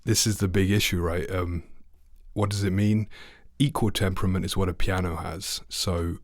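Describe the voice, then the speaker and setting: A man's voice: low-pitched, fairly even intonation, moderate pace, no room sound, clean studio sound. A man teaching a trombone lesson online, friendly and asking the viewer questions. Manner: friendly, asks the viewer questions, sings notes.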